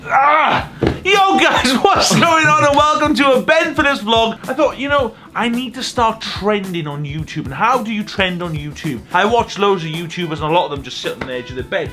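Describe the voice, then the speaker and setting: A man in his twenties with a Welsh accent, vlogging from a hotel room, swinging from loud shouting to mumbled asides. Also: high-pitched. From Wales. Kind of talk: comedic vlog monologue.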